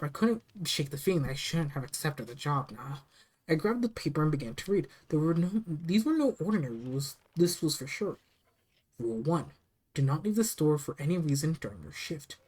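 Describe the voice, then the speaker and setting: A narrator reading a first-person horror story aloud, steady and plain, with small restarts. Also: medium pitch, normal speed, low-quality recording.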